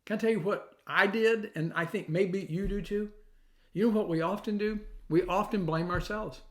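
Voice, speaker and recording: A middle-aged male pastor preaching in a fairly high voice. He tells a story and acts out quotes, and at times his voice drops to a soft, near whisper. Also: normal speed. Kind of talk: sermon.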